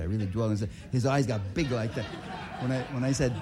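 A man's voice: mid-range voice, quick pace, noisy background. A man, a writer giving a public talk, telling rambling and indignant anecdotes full of restarts and asides. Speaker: writer and activist speaker.

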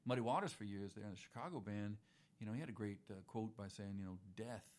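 Fast-talking laid-back rambling man. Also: fairly low pitch, animated. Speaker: musician guest. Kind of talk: casual conversation.

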